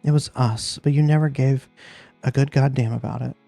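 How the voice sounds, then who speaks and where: A man plays a blunt, proud woman who runs a record store, in a story game. The voice is mellow and middle-pitched, the delivery bitter and frank, and faint music plays underneath. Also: fairly even intonation, moderate pace, creaky.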